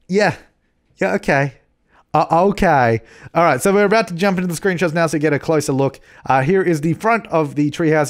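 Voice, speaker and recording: A man casually narrating a home-building game video, rambling and correcting himself with jokey asides. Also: on the high side. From Australia. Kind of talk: casual gameplay commentary.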